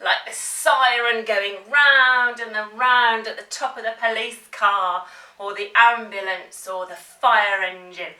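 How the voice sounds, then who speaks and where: A woman leading a child through a playful drama warm-up, coaxing and encouraging. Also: a little high, fairly even intonation, measured pace, distant mic. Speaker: drama teacher. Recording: roomy, from off the mic.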